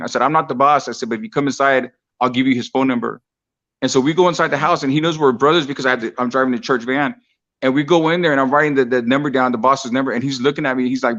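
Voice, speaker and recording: A man tells his testimony in a rapid, earnest preacher's cadence, repeating lines for weight. The recording sounds dull and lo-fi. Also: medium pitch, fairly even intonation, a bit bright. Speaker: street preacher guest. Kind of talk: testimony storytelling.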